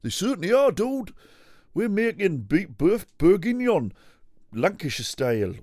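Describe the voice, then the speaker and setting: A man doing a comic impression of an excitable male TV cook, squeaky, sarcastic and full of swearing. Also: unhurried, no room sound, studio quality, heavily acted. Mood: chirpy.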